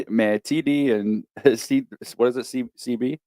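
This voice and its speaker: Laid-back man co-hosting, smooth low voice. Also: a little slow, warm tone, dry recording, studio quality. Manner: laid-back, rambling, repeats himself. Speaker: podcast co-host. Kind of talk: casual sports podcast chat.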